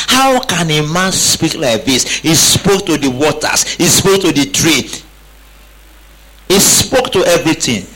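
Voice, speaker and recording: A man's voice: sits high, bright, forceful tone, rough recording. A man preaching a sermon emphatically, prompting the congregation to repeat after him. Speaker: pastor.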